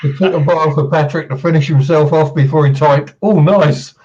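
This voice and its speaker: Man, stream co-host, dry one-liners, swears, fairly high voice, muffled with faint noise. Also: steady tone, fairly quick, darkish tone. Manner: dry wisecracks, reads chat. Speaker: livestream co-host. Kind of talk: casual profane banter.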